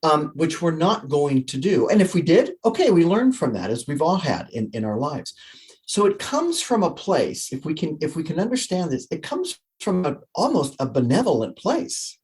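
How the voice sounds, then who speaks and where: Man, slightly high voice, energetic, interview guest, coach, acts out his thoughts. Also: normal speed. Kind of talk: conversational interview answer.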